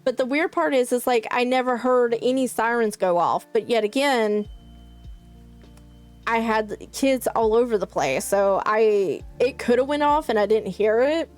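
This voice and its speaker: Talking casually with her stream's live chat, a young Southern-accented woman from South Carolina rambles along, full of "likes." Her voice sits on the high side and runs a little slow over soft background music.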